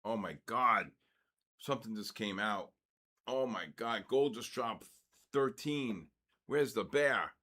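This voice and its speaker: An older man hosting a live trading stream, excitedly calling out price moves and giving quick trade advice. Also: on the low side, slight background noise. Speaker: trading livestream host. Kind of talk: live market commentary.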